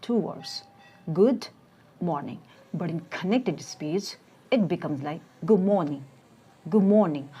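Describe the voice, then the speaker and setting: A woman with a slightly husky, lower voice narrates a scripted English lesson. Her pitch moves in lively swings as she slowly sounds out example words one by one. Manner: slow, deliberate pronunciation drills. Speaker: English teacher.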